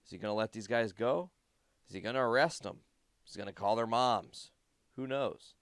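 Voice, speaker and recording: A man co-hosting a casual podcast, telling a story in an animated way and acting out the voices of the people in it. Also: lowish voice, normal speed, no echo, clean studio sound. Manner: animated storyteller who acts out quoted voices. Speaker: podcast co-host.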